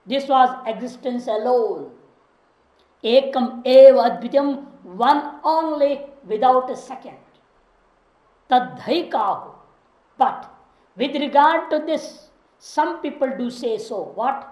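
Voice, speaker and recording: A woman's voice: high voice, expressive, takes it slowly, darkish tone, echoey room, low-quality recording. A woman teaching a scripture class, reciting Sanskrit phrases and explaining them word by word in English. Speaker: Vedanta teacher.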